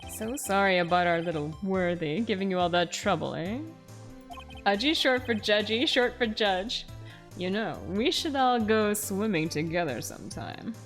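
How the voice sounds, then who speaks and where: A woman doing a jolly, lowered-voice older male police chief. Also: expressive, normal speed, faint music behind, lightly acted. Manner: breezy, chummy, drawled. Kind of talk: playful dub of a game character.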